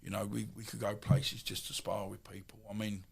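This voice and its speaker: A man in his fifties with an Essex accent, telling stories as a podcast guest in a rambling, animated way with many asides. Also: lowish voice, fairly quick, vocal fry, husky. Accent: Essex English. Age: 50s. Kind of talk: casual storytelling.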